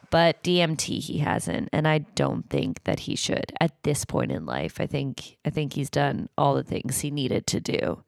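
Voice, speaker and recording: A woman's voice: low-pitched, very animated, normal speed, vocal fry, hardly any pauses, no room sound, clean studio sound. A woman hosting a podcast with her father, talking casually and candidly, with the odd swear. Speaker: podcast host.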